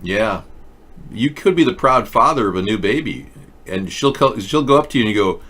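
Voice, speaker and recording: A low-voiced man hosts a casual talk show, mocking and sarcastic as he rants. His pitch swings widely through the jokes, and he mumbles flatly when reading things aloud. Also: moderate pace, husky. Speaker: host. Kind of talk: casual comedic commentary.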